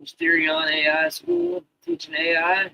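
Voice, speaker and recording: A man's voice: on the high side, sing-song, a little slow, gravelly, lo-fi sound, a little hiss or hum. A man in his thirties, a live streamer rambling in casual chat with heavy swearing and loose, restarting sentences. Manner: profane, rambling, talks to chat.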